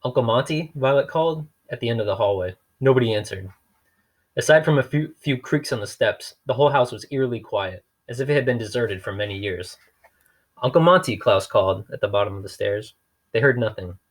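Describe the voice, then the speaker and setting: A man's voice: medium pitch, a little fast. A man reading a novel aloud in a dry, wry storytelling manner. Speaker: reader.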